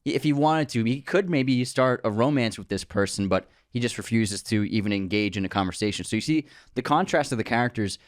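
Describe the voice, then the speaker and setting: A man's voice: mid-range voice, lively intonation, fairly quick, hardly any pauses, no echo, studio quality. A man co-hosting a casual film podcast, adding side remarks and trivia. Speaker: podcast co-host.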